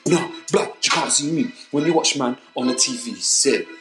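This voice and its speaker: A man's voice: mid-range voice, moderate pace, close to an everyday voice. A man playing a swaggering young grime MC, rapping brash, repetitive boasts in a comic diss track. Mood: boastful. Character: swaggering young male grime MC, bragging rival. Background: music beat.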